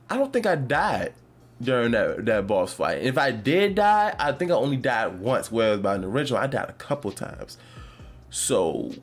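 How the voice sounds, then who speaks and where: A man hosting his own podcast, chatting casually and rambling about a video game, with lots of fillers and restarts. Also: medium pitch. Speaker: podcast host. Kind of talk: casual gaming chat.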